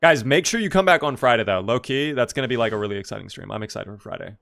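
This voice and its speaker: A man's voice: mid-range voice, expressive, fast, gravelly, fairly bright tone. A man from the US East Coast streaming a game live, casually chatting and answering viewers' questions. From Maryland, US East Coast. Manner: chatty, answers chat questions while playing.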